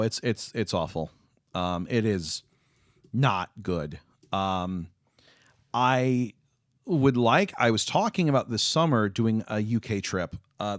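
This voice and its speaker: A man's voice: on the low side, dry recording, studio quality. A man chatting casually with viewers on a live stream, rambling with lots of fillers and restarts. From United States.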